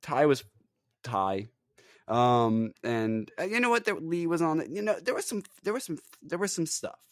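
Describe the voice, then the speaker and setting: A man's voice: a little high, expressive, normal speed, dry recording, studio quality. A man with a northern English accent co-hosting a podcast, chatting casually, rambling with many fillers and restarts. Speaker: podcast co-host. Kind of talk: casual chat.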